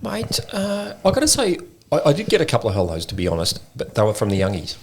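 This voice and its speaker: An Australian man co-hosting a podcast, chatting casually and telling animated stories with frequent laughter. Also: medium pitch, fast talker, background noise. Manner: animated storyteller, laughs often. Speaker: podcast co-host. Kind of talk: casual chat.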